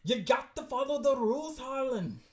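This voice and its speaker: A man voicing a strict young student who nags a classmate about rules, attempting a Scottish accent. He raises his voice higher than his own for the part. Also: expressive, moderate pace. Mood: scolding. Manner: bossy, nagging.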